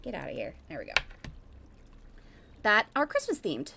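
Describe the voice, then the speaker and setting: A woman's voice: mid-range voice, wildly swooping pitch, normal speed, creaky, noisy background. A woman hosting a tabletop game stream, chatty and rambling as she reads announcements. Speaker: stream host.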